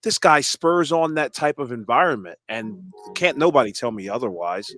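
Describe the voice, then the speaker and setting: A man's voice: medium pitch, lively intonation, normal speed, a bit bright, dry recording, clean studio sound. A man co-hosting a casual talk show, chiming in with blunt, profane and wry remarks. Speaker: podcast co-host.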